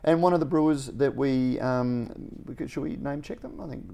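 A man's voice: medium pitch, moderate pace, creaky, warm tone, a little hiss or hum. A man, co-hosting a podcast in a chatty, rambling way and laughing often. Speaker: podcast co-host. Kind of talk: casual podcast chat.

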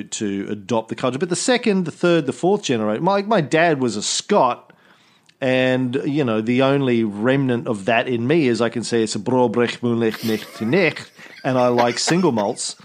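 A man's voice: mid-range voice, lively intonation, normal speed. An Australian man chatting casually as a podcast host, rambling and joking with frequent restarts. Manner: rambling, jokey, with repeated restarts. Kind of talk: casual chat.

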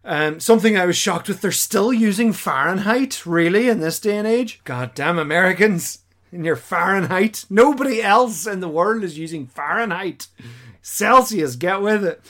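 Guy hosting a podcast, kinda high voice, animated, does goofy voices for quotes. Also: moderate pace. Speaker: podcast host. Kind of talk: casual chat.

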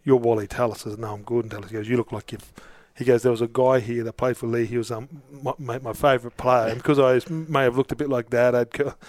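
This middle-aged Australian interview guest keeps a steady, medium-pitched tone and a quick pace with hardly any pauses as he tells long, casual stories riddled with restarts. The recording is dry.

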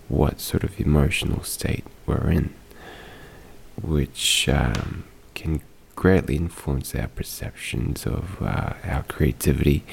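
Hushed, gravelly deep-voiced man. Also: a little hiss or hum. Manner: hushed, quiet delivery with frequent ums. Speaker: podcast host. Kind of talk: casual podcast monologue. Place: home at night, others sleeping nearby.

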